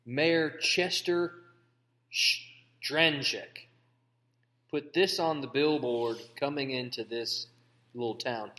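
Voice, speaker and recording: Dry, deadpan man with hall echo. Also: mid-range voice, takes it slowly, pauses often. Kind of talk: comedic banter. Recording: long hall reverb.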